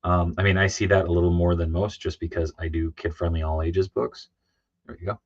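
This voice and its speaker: A man's voice: sits low, steady tone, fairly quick, dry recording. A tired man chatting casually on a livestream, rambling with many fillers and restarts and reading chat messages aloud. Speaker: comic artist streaming live. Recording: dry, dull lo-fi sound.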